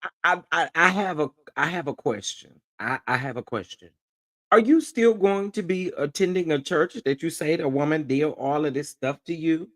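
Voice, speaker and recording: Male commentary host, lively swinging pitch, incredulous and amused. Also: normal speed. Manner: incredulous and amused, laughing often. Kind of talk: reaction commentary.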